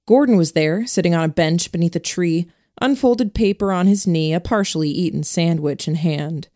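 A woman reading a novel aloud as narrator in a steady first-person storytelling voice. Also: lowish voice, moderate pace, no room sound, clean studio sound. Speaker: audiobook narrator. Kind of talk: scripted narration.

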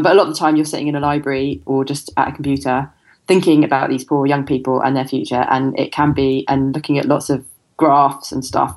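Woman guest, really low voice, candid and a bit rambly. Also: a little mellow. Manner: candid, self-deprecating, rambling. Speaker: guest, charity communications head. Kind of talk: casual interview.

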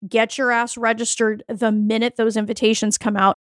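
A woman's voice: on the high side, level tone, moderate pace, no room sound, studio quality. A woman hosting a podcast as a fertility coach, giving a blunt, profane, hyped-up motivational pep talk. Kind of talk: motivational solo podcast monologue.

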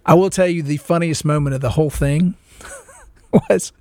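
A man in his thirties hosting a podcast, telling a long, rambling story in a casual, animated way and laughing as he goes. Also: fairly high pitch, normal speed, no room sound. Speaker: podcast host.

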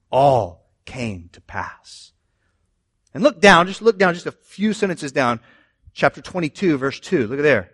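Animated preacher with a higher voice. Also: male voice, unhurried, husky, dry recording, studio quality. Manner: animated preaching, swings between loud emphasis and quiet asides. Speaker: pastor. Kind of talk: sermon.

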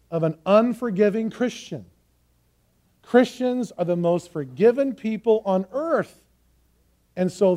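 A man preaching in an earnest, emphatic way, his voice sitting high for a man. The tone is mellow and soft-edged. He leans on key phrases, slowing down to drive them home. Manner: earnest, emphatic teaching with slow stressed phrases. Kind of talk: sermon.

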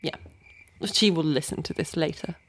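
A woman's voice: sits low, normal speed, fairly bright tone. A woman whose first language is Swedish, co-hosting a podcast in casual chat, giggly and teasing. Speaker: podcast co-host.

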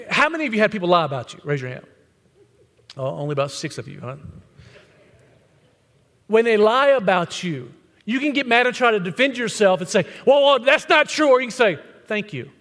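Man, pastor, high voice, blunt conversational sermon, long church reverb. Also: a bit bright. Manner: blunt, conversational preaching with rhetorical questions. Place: church sanctuary with congregation.

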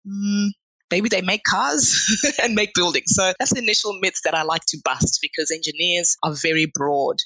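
A woman's voice: on the low side, moderate pace, bright, forceful tone, no echo, low-quality recording. A woman with an Australian accent, a guest engineer answering interview questions in a friendly way. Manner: friendly, laughs often.

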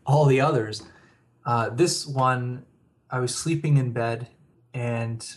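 A man who is a guest author on a radio interview, telling personal stories and chuckling often. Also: medium pitch.

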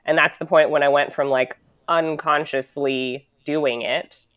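A woman's voice: low voice, steady tone, measured pace, a bit bright, dry recording, lo-fi sound. A woman from the United States in a casual, reflective conversation, rambling and full of "like", swearing now and then.

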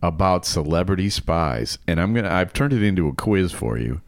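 A man's voice: deep voice, expressive, brisk, no room sound. A middle-aged man co-hosting a podcast, chatting casually with dry humor. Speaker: podcast co-host. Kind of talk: casual chat.

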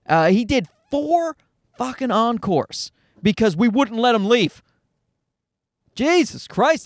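Animated, swearing man telling stories. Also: sits high, creaky, dry recording, clean studio sound. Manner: profane, animated and self-deprecating. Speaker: podcast host and father. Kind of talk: casual rambling storytelling monologue. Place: parked car in a parking lot.

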